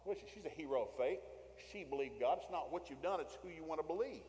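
A man's voice: fairly high pitch, expressive, fast talker, darkish tone. A man preaching a sermon, telling Bible stories in a folksy way and acting out the quotes. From Tennessee, USA. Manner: folksy storytelling with acted quotes. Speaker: pastor. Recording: long hall reverb.

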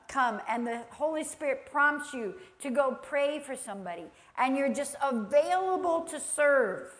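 Lady preacher, high voice, takes it slow, acts out quotes, laughs a lot. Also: fairly bright tone. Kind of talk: sermon.

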